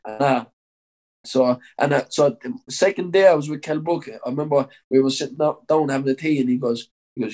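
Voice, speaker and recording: A man's voice: medium pitch, brisk, a little mellow, low-quality recording. A young Irish man, a professional boxer, telling a long story in an interview, rambling with lots of "like" and frequent swearing.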